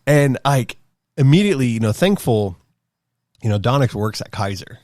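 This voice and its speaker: A man in his thirties casually telling a rambling, animated story as a podcast host, acting out quotes in a higher voice. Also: moderate pace, no echo, studio quality. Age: 30s.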